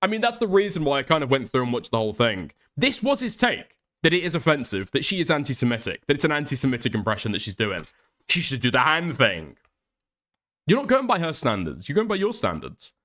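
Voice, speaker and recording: Male commentary streamer, bright lively voice, blunt and exasperated, swears freely. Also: mid-range voice, fairly quick. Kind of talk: reading and reacting to posts.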